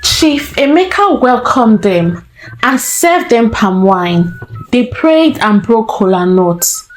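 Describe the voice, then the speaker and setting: A woman storyteller narrating a folktale in a slow, deliberate way. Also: fairly high pitch, very animated, a little hiss or hum, poor audio.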